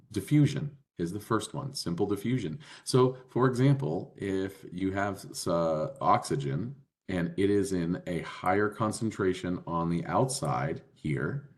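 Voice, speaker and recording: Low-voiced man lecturing on biology. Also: animated, unhurried. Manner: casual, conversational explaining with frequent fillers. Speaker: biology instructor. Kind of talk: classroom lecture.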